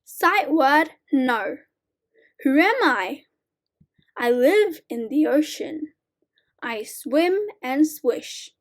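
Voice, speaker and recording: High-voiced lady reading little kids' rhymes super slow and clear. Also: lively intonation. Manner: slow, clear, deliberate reading to young learners. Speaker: reading teacher. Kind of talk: slow read-aloud of children's sight word poems.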